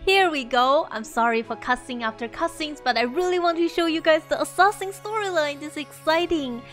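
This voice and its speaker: A woman giving chatty, excitable commentary while playing a farming video game, often laughing and gasping. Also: sits high, brisk, faint music behind. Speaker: gameplay video creator.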